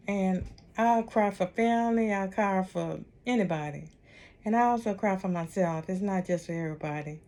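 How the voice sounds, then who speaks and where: A woman leads a casual online ministry talk. She is warm and repetitive, circling back to comfort the listener. Her voice is mellow and relaxed, pitched in a middle register. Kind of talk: casual heartfelt encouragement.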